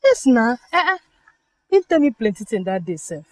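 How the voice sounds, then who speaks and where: A woman's voice: a little high, big pitch swings, normal speed, dry recording, far from the mic. An actress playing a curious village girl chatting with a friend, with a Nigerian Pidgin accent. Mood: chatty. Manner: curious, questioning.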